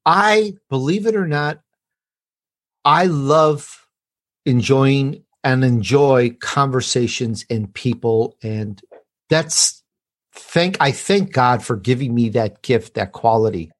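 A man's voice: mid-range voice, slow. A man guesting on a podcast, talking with enthusiasm and rambling a little with restarts. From Italian heritage. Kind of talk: podcast interview.

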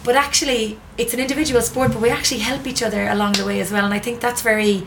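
A woman hosting a casual interview in a relaxed, chatty way, outdoors by the sea. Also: a little high, fast talker, vocal fry, noisy background.

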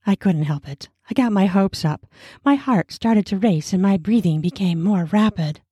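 A woman narrating an erotic story in a slow, soft, sensual style. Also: mid-range voice, lively intonation, breathy edge, no echo, clean studio sound.

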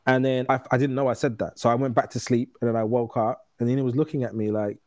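A man in his thirties talks candidly as a guest and tells stories in an easy, conversational way. His voice is mellow and warm, sits in a middle register, and is recorded dry and close with no room sound. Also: medium pitch, fairly even intonation, no room sound. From United Kingdom. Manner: candid, storytelling, quick restarts. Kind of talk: casual conversation.

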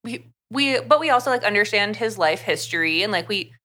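A woman's voice: medium pitch, expressive, brisk, pushed and bright. A woman co-hosting a podcast, chatting casually with short reactions and asides. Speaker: podcast co-host. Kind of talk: casual chat.

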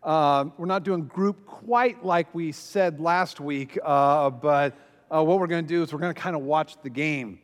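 A man's voice: fairly high pitch, unhurried, smooth, big-room sound. A man speaking as a pastor, telling a story with self-deprecating humor and many fillers. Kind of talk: humorous teaching talk.

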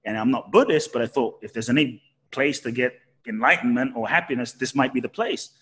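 A man as a podcast guest, telling a personal story with animated, swooping pitch and frequent restarts. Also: brisk, breathy edge. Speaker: guest, spiritual teacher.

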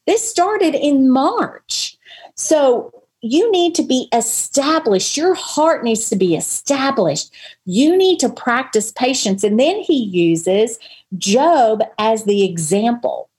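A woman co-hosting a casual Bible study podcast, earnest and expressive as she reads scripture and reflects on it. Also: on the high side, slightly rough. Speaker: podcast co-host.

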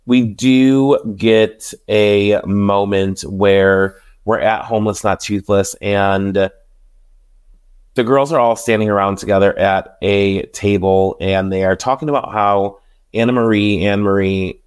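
A man's voice: fairly low pitch, slow pace, smooth. A man hosting a podcast, chatting casually and animatedly as he recaps reality TV, acting out what people said. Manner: chatty, animated retelling with quoted voices. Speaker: podcast host. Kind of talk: casual solo recap chat.

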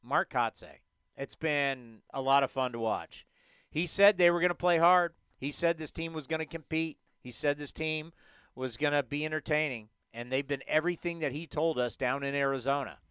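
A man's voice: fairly high pitch, moderate pace, fairly bright tone, smooth, no room sound. A man hosting a sports talk show, ranting emphatically with rhetorical questions.

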